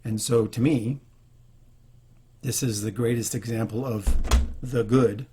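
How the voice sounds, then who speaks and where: A man's voice: mid-range voice, fairly even intonation, slow pace, background noise. A man hosting a leadership video, talking earnestly and unscripted, with frequent restarts. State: choked up. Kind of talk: unscripted talk to camera.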